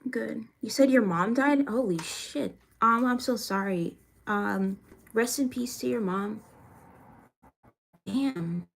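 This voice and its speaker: A woman's voice: a little high, takes it slowly, gravelly, long pauses, a little hiss or hum. Frank, cursing young woman livestreamer. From Florida. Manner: frank and profane, venting, reads comments aloud. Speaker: livestreamer answering chat. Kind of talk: casual live-stream chat.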